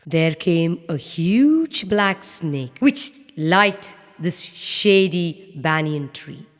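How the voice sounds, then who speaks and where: A woman narrating children's animal stories in a slow, very expressive, sing-song way. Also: lowish voice. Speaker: storyteller. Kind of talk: scripted children's story narration. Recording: echoey reverb.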